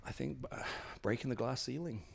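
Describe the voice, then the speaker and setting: A man's voice: mid-range voice, brisk, gravelly, husky. A British man talking at home in an interview, rambling with lots of fillers and acting out what people said. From Britain. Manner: rambling, many fillers and restarts, acts out quotes. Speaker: guest, professional wrestler. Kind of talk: casual interview storytelling. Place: at his house.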